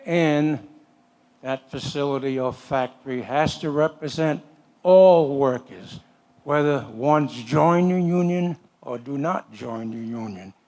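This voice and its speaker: A man's voice: mid-range voice, slow pace, darkish tone. An older man, a retired worker, making a plain-spoken, folksy comment from the audience at a forum. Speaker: audience member.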